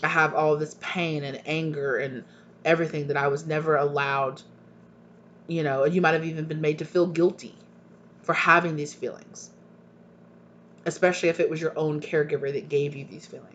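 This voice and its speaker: A man's voice: on the high side, steady tone, normal speed, fairly bright tone. Earnest tarot reader, a man, lo-fi sound. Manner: earnest, repetitive, emphatic with pointed questions. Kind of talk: tarot reading to viewers. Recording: dull lo-fi recording with faint hum.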